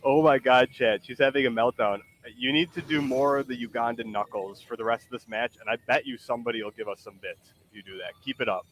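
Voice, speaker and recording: A man's voice: mid-range voice, fairly even intonation, fast talker, few pauses, a bit bright, slight background noise. Rambling, playful male game streamer. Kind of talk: casual chat while gaming.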